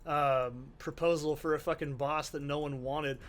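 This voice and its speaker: Exasperated male gamer, cursing constantly, voice a bit higher than usual, faint background hum. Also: fairly even intonation, moderate pace. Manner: ranting, profane, exasperated. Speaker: gaming channel host. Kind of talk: let's play commentary.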